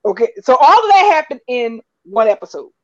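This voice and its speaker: A woman co-hosting a soap opera chat show, recapping episodes with animated retellings and acted-out quotes. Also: on the high side, a little fast. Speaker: soap opera podcast co-host. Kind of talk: casual chat. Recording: dull lo-fi audio.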